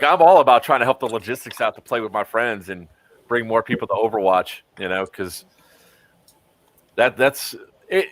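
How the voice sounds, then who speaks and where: Male stream host, lowish voice, rambling and casual, dry sound. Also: a bit bright, dry recording. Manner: rambling, with frequent ums. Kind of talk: casual chat.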